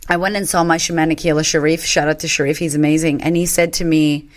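A woman's voice: low voice, fast talker. A woman in her thirties telling stories candidly as a podcast guest, swearing freely and acting out what people said. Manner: animated, swears freely, acts out quotes. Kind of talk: candid conversational storytelling.

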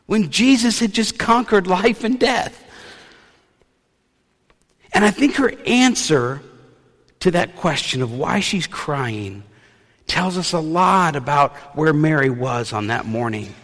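A man's voice: high-pitched, big pitch swings, takes it slowly, long pauses, fairly bright tone, long reverb tail. A man preaching a sermon, retelling a scripture story with playful asides. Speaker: pastor.

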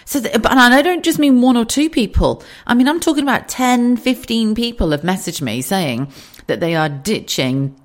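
A woman's voice: a little high, moderate pace. A woman in her thirties from the UK, hosting a casual solo podcast from her kitchen, chatty and candid with frequent swearing and asides. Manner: chatty, swears freely, animated asides and laughs. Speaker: podcast host. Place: home kitchen.

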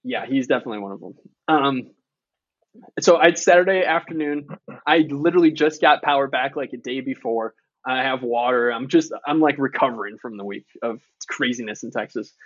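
A man's voice: medium pitch, brisk, dry recording, dull audio. Candid man telling stories on a podcast. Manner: candid storytelling with profanity and quoted dialogue. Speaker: author and podcast guest. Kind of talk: casual podcast conversation.

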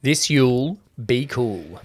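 A man's voice: mid-range voice, animated, slow pace. A man co-hosting a casual film-review podcast, talking in a loose, joking way with plenty of swearing. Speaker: podcast co-host.

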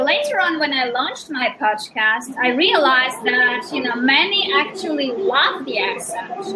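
A woman from Armenia, hosting a podcast and asking questions thoughtfully, with some hesitation. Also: high voice. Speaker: podcast host. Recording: audible background noise.

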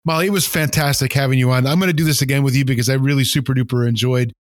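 An older man hosting a casual faith podcast, talking in an animated, preachy way. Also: medium pitch, racing, no echo, clean studio sound. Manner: animated, preachy, mimics voices. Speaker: podcast host.

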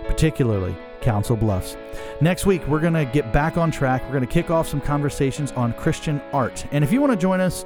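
A man co-hosting a casual podcast as a pastor, easygoing and joking as he chats and signs off. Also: medium pitch. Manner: easygoing, joking, quick sign-off patter.

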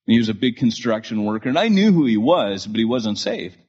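A man in his forties tells stories from the pulpit with a husky voice. He talks in an animated way, restarting lines and throwing in asides. The recording sounds dull and lo-fi. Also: lowish voice, fairly quick. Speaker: pastor. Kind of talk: storytelling sermon to a live audience.

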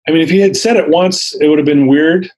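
A man's voice: a little high, quick pace, a little mellow, rough recording. A man in his fifties sharing his personal story as an interview guest, earnest and vivid, acting out the dialogue he quotes.

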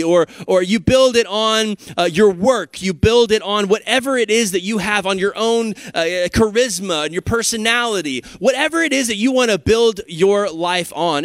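A man's voice: sits high, dry recording. A male pastor giving a sermon in a casual, conversational way, prompting the congregation.

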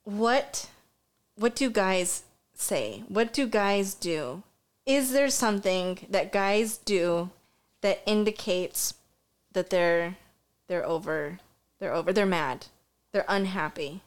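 A woman's voice: medium pitch, expressive, takes it slowly. A woman and mother co-hosting a podcast, chatting casually and telling stories frankly with frequent swearing. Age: adult parent. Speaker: podcast co-host. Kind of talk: casual chat.

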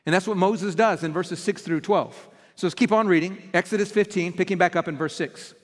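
A man preaching a sermon as pastor, telling stories with animated energy and often restarting his words. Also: high-pitched, a little fast, big-room sound.

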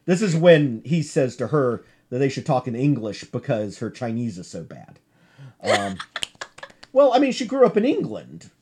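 Man lecturing to a class, chatty and digressive, lively pitch, warm dark tone. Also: a little slow, slightly rough.

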